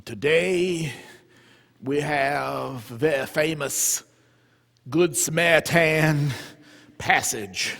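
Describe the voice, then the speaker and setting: A man with a Southern US accent imitating a pompous old monsignor, preaching in a slow drawl. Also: on the high side, creaky, fairly bright tone, full character voice. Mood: droning. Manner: slow drawling sermon delivery. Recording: reverberant church hall.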